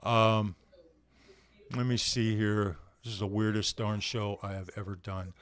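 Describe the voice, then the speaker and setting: A man's voice: on the low side, flat delivery, measured pace, fairly bright tone, dry recording. A man hosting a casual live show, greeting viewers one by one in a laid-back, friendly way and sounding worn out from hard physical work. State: worn out from heavy physical labor.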